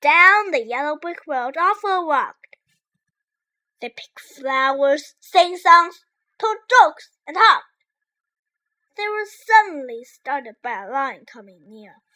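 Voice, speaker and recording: Bright, high, unhurried storybook reader. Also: female voice, low-quality recording. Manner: lively, expressive read-aloud delivery. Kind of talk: rhyming storybook reading.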